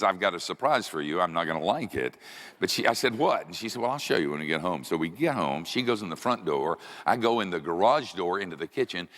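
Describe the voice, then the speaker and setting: A man preaching a sermon in a large church, telling funny stories in an animated, jokey way that jumps up into high yells. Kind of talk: humorous sermon storytelling. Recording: long church reverb.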